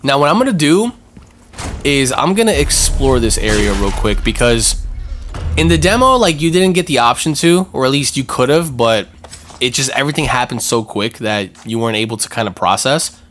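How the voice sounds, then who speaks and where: Over loudly playing game music and slight background noise, a man hosts a let's-play in a medium-pitched voice at a moderate pace. His commentary is slangy and relaxed, but he yelps and repeats himself excitably when things get tense.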